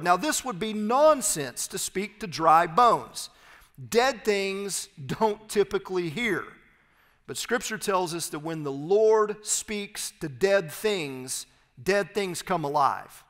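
A man preaching an expository sermon as pastor, reading scripture aloud and explaining it with emphatic, slowed phrases. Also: high voice, lively intonation, a bit bright, in a large hall. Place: church sanctuary.

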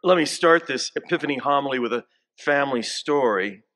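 With lively intonation and a fairly bright, medium-pitched tone, a bishop in his sixties gives a homily in church. He speaks slowly, weaving in family stories and drawing the congregation into repeating greetings.

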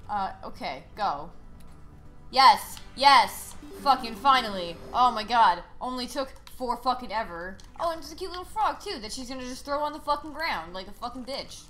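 High bright gamer girl streaming, cussing a lot, yelling when she loses, sarcastic rants. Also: sing-song, a little fast, hardly any pauses, soft background music. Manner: frustrated, swearing, loud outbursts; sarcastic ranting. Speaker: game streamer. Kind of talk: live gameplay commentary.

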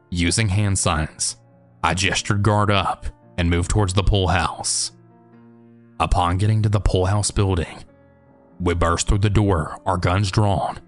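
A man narrating an animated horror story in a steady, matter-of-fact way. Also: low voice.

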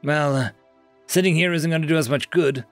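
A man's voice: fairly high pitch, moderate pace, faint music behind, pitched above the performer's own voice, lightly acted. A man voicing a cheerful, reckless human soldier who talks casually and shrugs off danger. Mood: eager.

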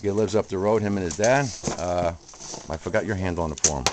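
Low-voiced chatty Jersey man outdoors. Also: brisk. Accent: New Jersey. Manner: chatty, jokey, friendly banter. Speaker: event host filming a tournament. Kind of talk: casual walk-around narration. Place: outdoor shooting range. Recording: noisy outdoor camera audio.

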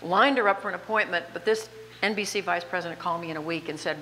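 A woman in her seventies with a slight Southern accent, telling lively, self-deprecating stories as an honored guest on stage. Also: lowish voice, fast. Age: 70s. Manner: animated, self-deprecating anecdotes with frequent laughs. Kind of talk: on-stage interview storytelling. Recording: reverberant hall with faint background noise.

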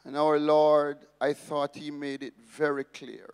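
A man's voice: on the high side, flat delivery, a little slow, clean tone, big-room sound. A man preaching a sermon as pastor, emphatic and repeating his key phrases.

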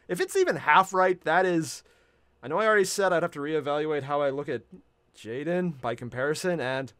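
A man hosting a reaction video, chatting casually, excitable and laughing often as he swears freely. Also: on the high side, dry recording.

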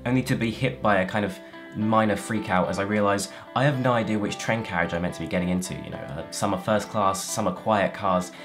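A man telling a personal story about his first trip alone in a quick, conversational way. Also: fairly low pitch.

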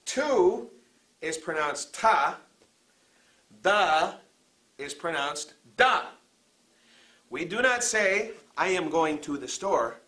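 A man's voice: on the high side, animated, sharp tone, full character voice. A man playing a bossy teacher who lectures on a local dialect in a comedy sketch. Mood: lecturing. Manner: deliberate, exaggerated lecturing delivery. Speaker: teacher of a comic dialect class.

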